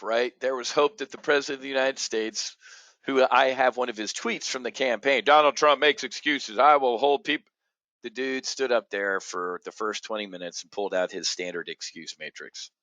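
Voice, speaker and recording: A man hosting an opinionated market commentary show, blunt and combative, jumping from loud outbursts to low muttering. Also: normal speed, no room sound, muffled recording. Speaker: options trading show host.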